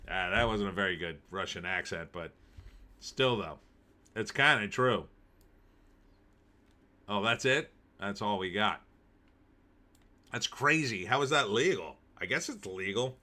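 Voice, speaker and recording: A man's voice: fairly low pitch, lively intonation, measured pace, long pauses, sharp tone. A man hosting a live stream, reading news aloud and cracking wry, jokey asides with frequent laughs.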